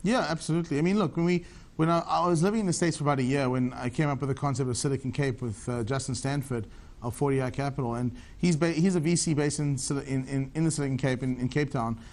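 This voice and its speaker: Guest: South African man in his thirties, rapid-fire and eager, answers ramble with restarts. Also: medium pitch, a little mellow. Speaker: tech entrepreneur guest. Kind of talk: TV business interview.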